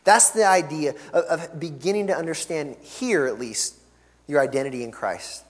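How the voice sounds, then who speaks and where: A man's voice: a little high, moderate pace. Earnest male preacher in a reverberant hall. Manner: earnest and emphatic, swelling on key words then dropping soft. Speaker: pastor. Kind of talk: sermon. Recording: long reverb of a large hall.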